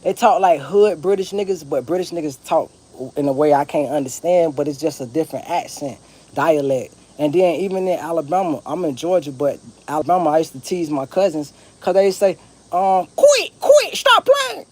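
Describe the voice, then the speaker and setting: A man's voice: on the high side, fairly quick, dark tone. A man from Florida with a Southern accent, talking casually and profanely to camera in a rambling vlog monologue. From Broward County, Florida. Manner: rambling, profane, laid-back. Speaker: vlogger.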